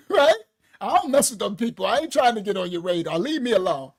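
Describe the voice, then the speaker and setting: A man with a high voice hosts a loose comedic commentary. He laughs often and jumps into short acted-out conversations as he talks. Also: moderate pace, rough recording. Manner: animated, laughs often, acts out quotes. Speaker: online show host.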